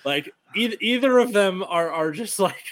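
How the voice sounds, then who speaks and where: A man's voice: high voice, lively intonation, a little slow, fairly bright tone. A man co-hosting a casual podcast, throwing in joking questions and asides.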